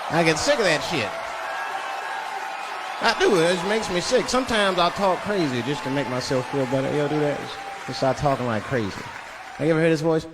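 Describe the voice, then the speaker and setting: A male comedian tells stories in a loose, profane style. His voice runs high and swings widely in pitch. He is heard on a live stage with long reverb and an audience. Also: lively intonation, fairly quick, a crowd in the background, background noise. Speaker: stand-up comedian. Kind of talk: stand-up comedy.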